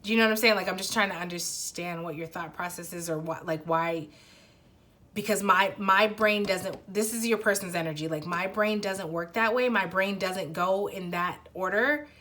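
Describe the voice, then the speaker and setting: A woman's voice: medium pitch, moderate pace, bright, forceful tone. A young adult woman giving a casual pick-a-card tarot reading, talking to the viewer in a rambling way full of restarts and fillers. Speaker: tarot reader.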